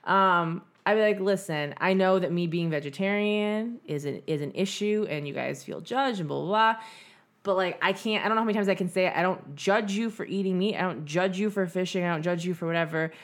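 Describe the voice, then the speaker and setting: A woman's voice: lowish voice, a little fast. Brief: young woman podcast co-host, blunt, profane, fired-up casual advice. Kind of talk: casual chat.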